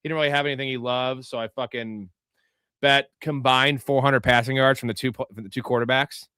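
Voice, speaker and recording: A man's voice: medium pitch, fairly even intonation, a little fast, bright, forceful tone, clear, resonant tone, dry recording. A man hosting a live sports stream, chatting casually about bets, swearing freely and greeting viewers. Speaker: host.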